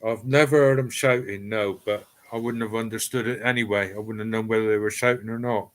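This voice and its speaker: A man's voice: fairly low pitch, fairly even intonation, fairly quick, fairly bright tone. A middle-aged man with an East Cornish accent hosts a live stream from his home cellar. He chats casually and rambles, reading out viewer comments. His talk is full of ums and restarts.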